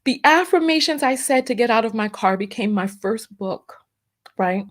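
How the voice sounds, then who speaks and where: A woman's voice: a little high, expressive, moderate pace. A middle-aged woman vlogger talking emotionally about her past business and her book, fighting back tears and repeating herself. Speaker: vlogger and entrepreneur. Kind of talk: emotional personal vlog.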